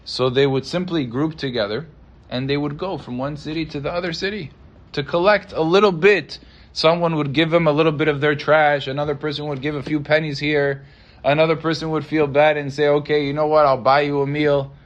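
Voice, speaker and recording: A man with a fairly high voice tells a story in a sermon. He is dramatic and acts out the voices of the people in his story. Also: steady tone, fairly quick, dull audio. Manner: dramatic retelling, acting out voices in quotes. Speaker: rabbi.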